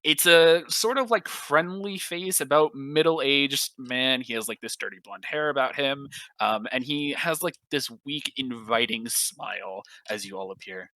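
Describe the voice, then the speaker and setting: A man narrating a tabletop game as dungeon master, loose and chatty, with a lot of fillers. His voice is bright and forward. It is recorded close and dry, with almost no room sound. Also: mid-range voice, a little slow, hardly any pauses, no room sound, poor audio. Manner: casual, filler-heavy description.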